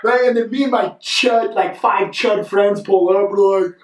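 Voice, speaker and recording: A young man co-hosting a podcast, telling a rambling, animated story in casual chat and often asking "right?". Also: sits high, moderate pace. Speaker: podcast co-host. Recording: echoey room, mic at a distance.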